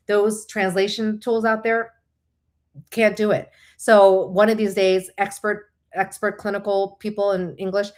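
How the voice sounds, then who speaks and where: A woman who is a licensed counselor, hosting a live talk in a chatty, animated way and explaining with asides. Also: on the low side.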